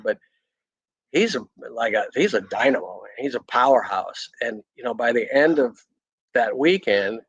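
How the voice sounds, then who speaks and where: A man's voice: mid-range voice, fairly bright tone, no echo, poor audio. A middle-aged man, a chiropractor, telling his story in a candid, rambling way with frequent restarts. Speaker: chiropractor guest on a podcast. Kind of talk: casual storytelling interview.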